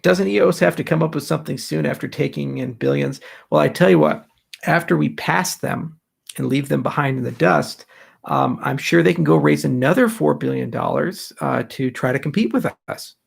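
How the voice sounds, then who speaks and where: A man's voice: fairly high pitch, moderate pace, gravelly, slightly rough. A man hosting a casual live question session, answering with wry, offhand jokes. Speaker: host answering audience questions.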